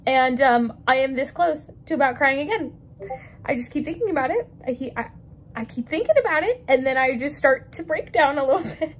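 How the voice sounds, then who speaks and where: A young woman talking in a casual vlog about a book she loves, gushing and excitable, often laughing between sentences. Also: high-pitched, brisk. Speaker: book vlogger.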